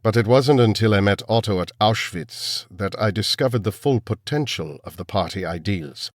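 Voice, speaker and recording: A chilling old villain doctor, calm and unhurried, with a low, even menace, as an audiobook narrator puts him on. The voice sits deep and the recording is dry and close. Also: male voice, no echo, lightly acted. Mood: menacing. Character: cold elderly male villain scientist.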